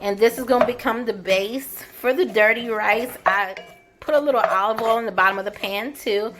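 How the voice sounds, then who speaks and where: A woman's voice: fairly high pitch, normal speed, background noise. Chatty woman showing how she cooks. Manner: chatty step-by-step explaining. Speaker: home cook vlogger. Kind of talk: cooking demonstration.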